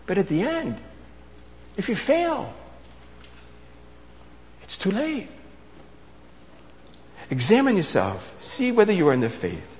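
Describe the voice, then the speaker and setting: A man preaching a sermon, emphatic, repeating his key phrases and swinging between loud and soft. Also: high-pitched, huge pitch swings, takes it slowly, pauses often, a little hiss or hum. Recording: long reverb of a large hall.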